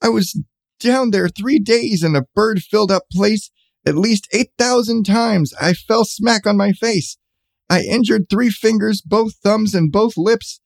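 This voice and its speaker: A man's voice: high voice, a little slow, vocal fry, no room sound. A man reading a rhyming children's storybook aloud with a bouncy cadence.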